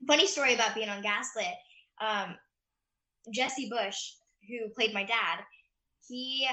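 A bubbly actress chats in an interview, gushing and full of filler words. Her voice is fairly high and very bright, with a ringing edge. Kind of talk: casual interview chat.

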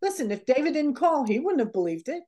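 A woman's voice: high-pitched, fast talker. Woman telling stories with laughter. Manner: animated, laughs often, acts out quoted dialogue. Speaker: interview guest. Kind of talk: casual anecdotal storytelling.

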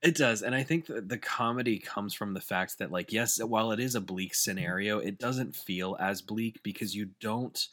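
A man co-hosting a casual podcast about movies, playful and quick to laugh. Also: on the low side, a bit bright, no room sound, studio quality. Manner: laughs often, loose and playful. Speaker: podcast co-host. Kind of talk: casual chat.

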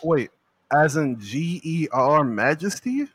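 A man's voice: a little high, lively intonation, slow, fairly bright tone, husky. A young man from the United States hosting a casual podcast, bantering and laughing with his friends. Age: young adult. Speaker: podcast host. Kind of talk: casual chat.

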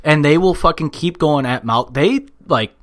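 A man's voice: on the high side, lively intonation, moderate pace. Profane man ranting about hockey. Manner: profane, heated. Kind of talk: casual sports chat.

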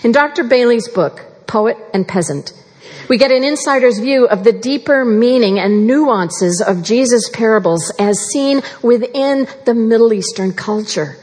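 A woman preaching a sermon with an earnest, measured delivery that slows for emphasis. Her voice sits fairly high and has a breathy edge. A long reverb trails after her words, as in a large hall. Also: lively intonation, a little mellow.

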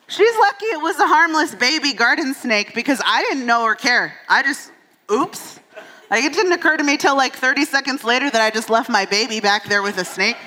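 A woman in her thirties delivers a sermon into a stage microphone, her bright, clear voice carrying a long church-hall reverb. She mixes humor with candid, self-deprecating stories about her children. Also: a little high, a little hiss or hum. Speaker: preacher.

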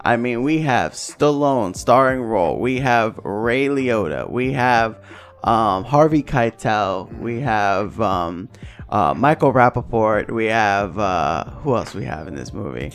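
A man's voice: fairly low pitch, animated, slow. A man hosting a podcast in loose, rambling casual chat, swearing freely and laughing often. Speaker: podcast host.

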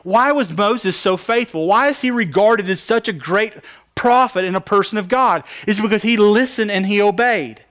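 A man's voice: high voice, moderate pace, a bit bright. A man preaching a sermon, asking the congregation questions and answering them with emphasis. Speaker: pastor.

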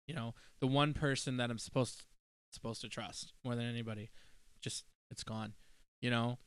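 A man in casual chat, speaking earnestly and haltingly, often starting over with "I mean" and "you know.". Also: mid-range voice, steady tone, clean tone, dry recording.

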